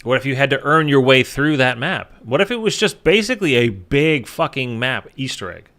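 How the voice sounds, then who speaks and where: Sleepy rambling man with a middle pitch. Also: sing-song, normal speed, sharp tone. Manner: rambling, frequent fillers, sweary. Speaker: gaming YouTuber. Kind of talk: casual commentary to viewers.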